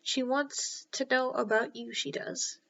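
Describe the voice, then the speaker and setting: A woman's voice: high-pitched, fairly even intonation, measured pace, gravelly, a bit bright, exaggerated voice. Woman doing a lazy amused griffin, offhand, lo-fi reading. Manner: offhand, chuckling. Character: gruff, amused male griffin creature.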